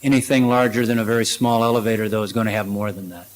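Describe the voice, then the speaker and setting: A man's voice: lowish voice, steady tone, fast talker, low-quality recording. Man giving a practical conference talk. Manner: practical, conversational, many fillers. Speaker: conference speaker. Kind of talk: presentation and Q&A.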